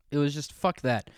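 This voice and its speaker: A young man with a slightly high voice rants alone into his camera, profane and self-mocking. He is drinking as he talks. The sound is dry and close, with no room echo. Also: clear, resonant tone. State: drinking alcohol. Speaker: podcast host. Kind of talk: solo comedic rant. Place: alone at home, filming himself. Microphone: camera pointed at his face.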